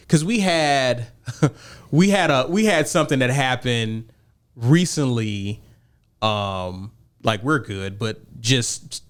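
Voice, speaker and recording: A man's voice: medium pitch, expressive, takes it slowly, fairly bright tone, clean tone. A middle-aged married man co-hosting a podcast, arguing emphatically and acting out quoted conversations in a casual debate. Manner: emphatic, acts out quoted dialogue. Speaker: podcast co-host.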